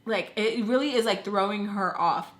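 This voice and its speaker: A young woman casually telling a long personal story, animated and slipping into voices for the people she quotes. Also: mid-range voice, moderate pace. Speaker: storytime vlogger.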